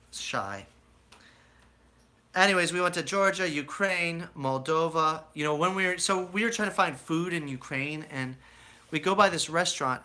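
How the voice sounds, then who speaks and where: A young American man casually telling a rambling life story to his viewers, acting out voices as he goes. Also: on the high side. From United States. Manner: rambling, animated storyteller who acts out quoted voices. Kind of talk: casual storytelling to a live chat.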